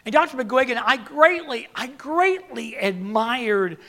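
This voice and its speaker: Older guy preaching, high voice, slow and drawn out, stops and restarts a lot. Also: animated, creaky, pushed and bright. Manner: halting, repeats words, builds to emphatic peaks. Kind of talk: sermon.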